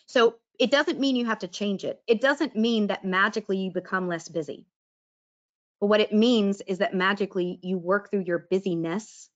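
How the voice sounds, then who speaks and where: A wellness presenter with a mid-range voice, recorded with the highs cut off, talks casually about mindfulness and breath work. She's chatty and voices the inner dialogue she quotes.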